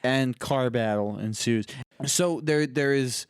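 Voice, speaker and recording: A man's voice: medium pitch, slow pace, clear, resonant tone, no room sound, studio quality. A man co-hosting a podcast, talking through a film casually with wry, sarcastic asides and hesitant restarts. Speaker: podcast co-host. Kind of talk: casual film recap chat.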